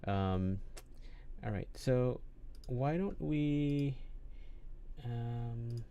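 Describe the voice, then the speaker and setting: A man's voice: medium pitch, drawn-out words, mellow, clear, resonant tone, lo-fi sound. A man hosting a podcast in casual chat, hesitant, with many fillers and restarts. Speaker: podcast host.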